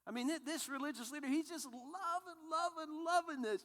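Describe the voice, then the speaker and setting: A man preaching a sermon as pastor, telling the story in an animated way with frequent restarts. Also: very high-pitched, brisk, hardly any pauses, long reverb tail.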